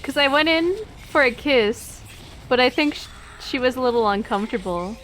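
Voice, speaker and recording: A chatty young woman telling awkward stories while she plays, laughing at herself. Her voice sits a little high, and a faint hiss runs under it. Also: animated, moderate pace, fairly bright tone. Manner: chatty, giggly, self-deprecating. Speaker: streamer. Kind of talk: casual chat over gameplay.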